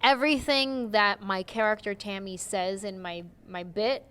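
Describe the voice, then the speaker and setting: A young woman comedian chatting in an interview, animated and full of "like" and "you know". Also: medium pitch, unhurried, clean tone. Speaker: comedian guest. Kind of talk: casual interview chat.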